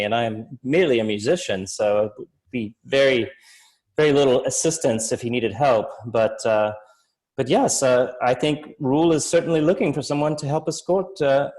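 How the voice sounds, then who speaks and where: A man's voice: medium pitch, darkish tone, natural voice, low-quality recording. A man voicing a chatty, polite male halfling musician who rambles with hesitant fillers in a tabletop game.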